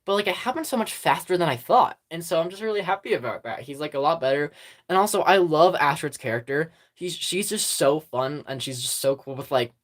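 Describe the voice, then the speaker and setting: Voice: medium pitch, a little fast. Giggly rambling livestreamer on a phone. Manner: rambling and giggly, full of fillers. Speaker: livestream host. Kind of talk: casual livestream chat with viewers.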